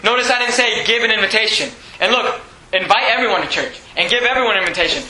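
A man's voice: sits high, lively intonation, fast, sharp tone, slight background noise. A man preaching a sermon as pastor, emphatic and repetitive, in a church sanctuary. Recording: echoey room.

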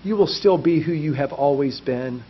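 A man's voice: on the high side, moderate pace, a little hiss or hum. Impassioned male preacher, muffled sound. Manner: impassioned, repetitive preaching with rising emphasis. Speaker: pastor. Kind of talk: sermon. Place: church basement.

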